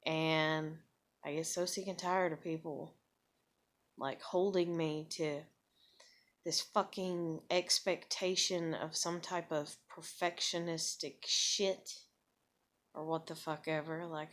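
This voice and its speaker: A woman's voice: low voice, level tone, slow, fairly bright tone. A woman venting angrily and bluntly to camera, swearing often. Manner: angry, profane, blunt. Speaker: vlogger. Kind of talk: personal vent to camera.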